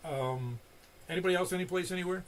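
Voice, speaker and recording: Hosting a casual ham radio net as net control, an older man talks fast in a high voice, telling meandering stories and restarting often. A little hiss or hum sits under the recording.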